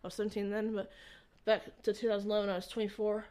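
A woman telling her own faith story to an interviewer, speaking at an ordinary middle pitch. She rambles and halts, often restarting her sentences as she goes. The feel is a relaxed, conversational testimony. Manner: rambling, halting, with frequent restarts.

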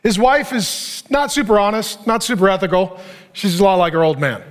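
A middle-aged man preaching a sermon, animated and joking, acting out the people he reads about. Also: high voice, moderate pace. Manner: animated, joking, acts out the characters' lines; preaching to a laughing audience. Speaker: pastor.

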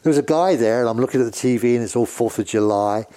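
A man's voice: mid-range voice, fast talker, warm tone. An older man from England with a British accent, telling long, rambling stories about his years on the road as a guest in a casual chat. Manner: rambling anecdotes with frequent restarts. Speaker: guest, former road manager and sound engineer. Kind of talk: casual storytelling.

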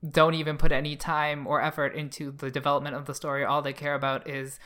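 A woman's voice: low voice, flat delivery, quick pace, a bit bright. A young woman co-hosting a podcast, debating in a blunt, sarcastic, loose way. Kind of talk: casual debate chat.

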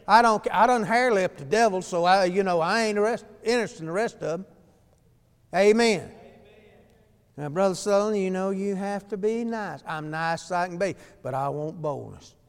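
A man's voice: high voice, moderate pace, clean tone, long reverb tail. A man preaching an emphatic, folksy sermon and breaking into hallelujahs. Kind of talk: fiery sermon.

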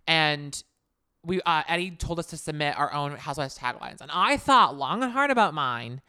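A podcast co-host in casual chat, animated and emphatic while recapping a reality show. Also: mid-range voice, normal speed, smooth, dry recording, studio quality.

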